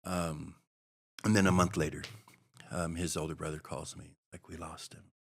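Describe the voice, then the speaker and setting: A man's voice: extremely low pitch, flat delivery, normal speed, gravelly. A middle-aged man from Hawaii, a podcast guest telling his life story in an earnest, rambling way full of fillers. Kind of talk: personal storytelling interview.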